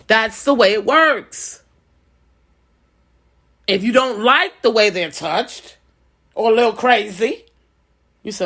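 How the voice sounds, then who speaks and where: A woman's voice: a little high, a bit bright. A middle-aged woman and business owner giving casual advice straight to camera, blunt and emphatic, coming back to her points again and again.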